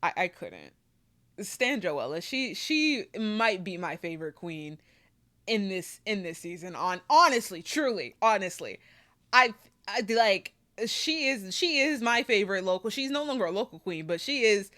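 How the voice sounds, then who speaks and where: A woman's voice: mid-range voice, animated, moderate pace, pushed and bright. Emphatic woman reviewing a TV show. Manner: emphatic, repetitive, full of "like" fillers. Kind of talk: casual review commentary.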